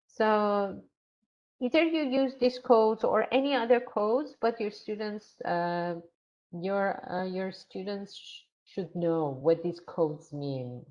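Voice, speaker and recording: A woman's voice: mid-range voice, a little mellow. A woman leading a grammar teaching workshop for English teachers, repeating her phrases and acting out short teacher and student exchanges. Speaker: ESL teacher trainer. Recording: dull lo-fi sound.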